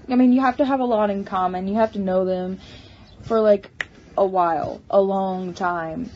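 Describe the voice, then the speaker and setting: A woman talking in a casual personal vlog, halting with many restarts and stammers. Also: mid-range voice, steady tone. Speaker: vlogger. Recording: slightly muffled home recording.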